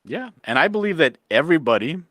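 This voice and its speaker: A man's voice: fairly high pitch, sing-song, fast, fairly bright tone, no echo. A man hosting a livestream chat, speaking bluntly and cursing often as he rants. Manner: profane, blunt, ranting. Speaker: livestream host. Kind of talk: heated casual chat.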